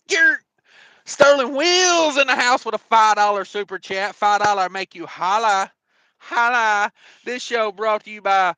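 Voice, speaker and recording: A man's voice: sits high, lively intonation, slow pace, sharp tone, no echo. A man hosting a casual trucking livestream, rambling and joking with lots of fillers. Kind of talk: casual live-stream chat.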